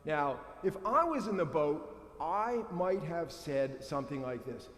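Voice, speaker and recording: A priest giving a playful sermon, acting out the quoted lines with sudden jumps in voice. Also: male voice, on the high side, lively intonation, a little slow, a bit bright. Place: church sanctuary. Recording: echoey church with long reverb.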